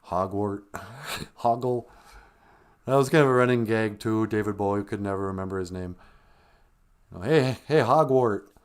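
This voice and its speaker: A man's voice: fairly low pitch, fairly even intonation, normal speed, long pauses, smooth. A man hosting a live stream, casually retelling a film as a rambling, joking storyteller.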